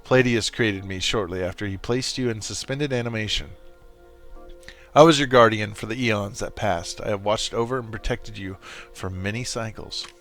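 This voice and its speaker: A man reading the lines of a calm female ship AI in a game, in a measured, explanatory way. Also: on the low side, faint music behind, natural voice. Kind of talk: reading game dialogue aloud.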